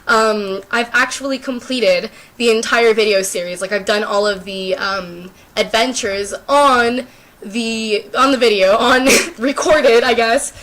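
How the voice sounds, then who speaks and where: A woman's voice: on the high side, measured pace, a bit bright, a little hiss or hum. A teenage girl with a sore throat, chatting casually and rambling to the camera, self-deprecating and full of fillers. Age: teens. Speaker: YouTuber. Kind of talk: casual unscripted chat to camera.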